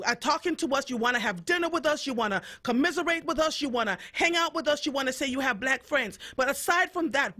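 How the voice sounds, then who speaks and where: A woman's voice: high-pitched, bright, forceful tone. A woman from Jamaica hosting a radio show, giving an impassioned, emphatic monologue and repeating points for emphasis. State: fed up. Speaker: radio host.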